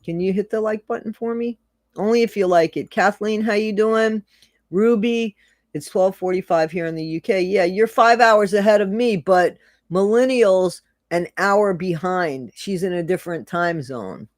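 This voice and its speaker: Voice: mid-range voice, moderate pace, no room sound, studio quality. Chatty livestream host. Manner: chatty, rambling, laughs often, repeats phrases. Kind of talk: casual livestream chat reading viewer comments.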